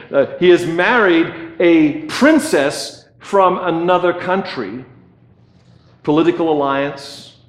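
A man's voice: fairly high pitch, roomy sound. A man preaching a sermon as pastor, conversational, often checking in with "okay" and repeating words as he goes.

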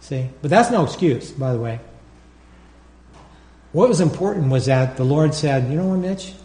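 A man preaching a sermon as pastor, animated, acting out his own prayers and calling out to the congregation for responses. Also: mid-range voice, a little slow, echoey room.

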